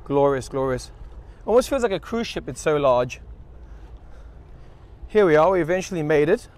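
A man's voice: on the high side, animated, normal speed, darkish tone. Upbeat man giving a yacht tour. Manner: enthusiastic, repeats praise words; loose, many fillers and restarts. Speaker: yacht charter vlogger host. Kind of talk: casual yacht tour vlog. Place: on board a yacht.

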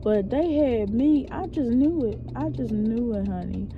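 Chatty woman, high voice, slightly winded, talking to camera in a car; dull audio, heavy car noise. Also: measured pace. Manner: chatty, animated storytelling, addresses viewers as y'all. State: recovering from illness, short of breath. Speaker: vlogger who works with schoolchildren. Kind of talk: casual chat to camera.

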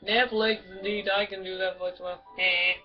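A woman's voice: mid-range voice, level tone, moderate pace, far from the mic. A woman giving casual, rambling game commentary, crude and swearing often. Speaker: gameplay commentator. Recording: dull lo-fi from off mic, loud music behind. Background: loud music.

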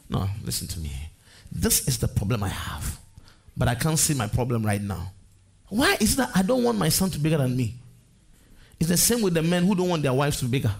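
Middle-aged male preacher, slightly high and gravelly, repetitive sermon cadence. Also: lively intonation, fairly quick, a little mellow. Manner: preaching with swelling, repeated declarations. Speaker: pastor.

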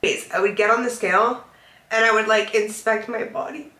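A woman's voice: on the high side, fairly even intonation, brisk, pushed and bright, echoey room. A young woman vlogger talking candidly and emotionally, rambling with lots of fillers. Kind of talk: candid confessional vlog chat. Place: car.

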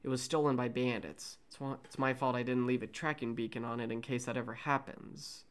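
A man's voice: medium pitch, little pitch movement, brisk, smooth, natural voice. A man reading an eager young man who begs for a ride and speaks earnestly in a fan script reading. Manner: pleading, earnest.

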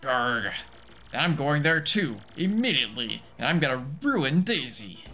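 A man puts on a blustering, short-tempered turtle king from a video game. He growls out boasts in a bright voice that jumps all over. Faint game music plays behind. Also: mid-range voice, big pitch swings, unhurried, heavily acted. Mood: outraged.

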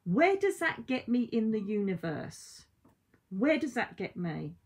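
A woman's voice: a little high, a little slow. Chatty, blunt woman reading cards. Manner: chatty, blunt and swearing, with lively asides. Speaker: psychic card reader. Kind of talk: casual oracle card reading. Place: at home by window blinds.

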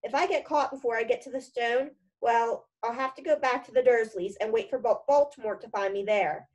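Storybook: woman voicing an urgent, earnest young boy, slightly high. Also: a little fast, darkish tone, close to an everyday voice, low-quality recording. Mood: defiant. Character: determined boy wizard.

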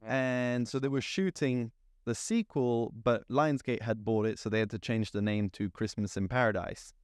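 A young man from France, telling a lively story as a podcast guest, with many fillers and restarts. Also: medium pitch, normal speed, no room sound, clean studio sound. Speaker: guest, cinematographer. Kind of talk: casual storytelling interview.

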